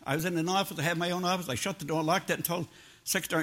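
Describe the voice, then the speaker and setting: A man's voice: a little high, steady tone, racing, a bit bright. An older man preaching a sermon in a homespun, plain-spoken way, mixing personal stories with scripture. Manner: homespun, plain-spoken, drops into everyday grammar.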